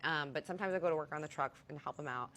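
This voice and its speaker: A young woman recounts her own story in a low-pitched, confiding voice. She is blunt and swears casually, as if speaking straight to friends. A faint ambient hum sits under her voice. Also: racing, fairly bright tone. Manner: candid, profane, confiding. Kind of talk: storytime vlog.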